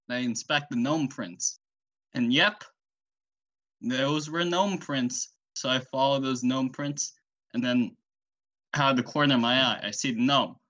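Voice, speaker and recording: A young man hosting a podcast solo, telling an absurd story in a rambling, deadpan way. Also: mid-range voice, unhurried. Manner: rambling, deadpan, self-interviewing.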